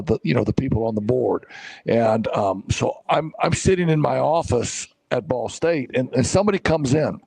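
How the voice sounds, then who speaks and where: An older man telling a story in lively, restarting talk, as co-host of a coaching show. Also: mid-range voice, gravelly, breathy edge, no room sound. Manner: animated storyteller, many restarts.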